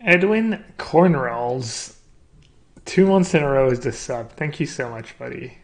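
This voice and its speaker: Gravelly joking male streamer. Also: mid-range voice, lively intonation, fairly quick, a little mellow. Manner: joking, thinks aloud about card choices. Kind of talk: casual live-stream commentary.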